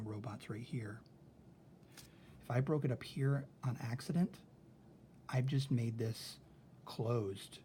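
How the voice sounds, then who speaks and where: Working through examples in a recorded lesson, a man thinks out loud and keeps asking "okay?" to check in. His voice sits in the mid range, with a little background noise behind it.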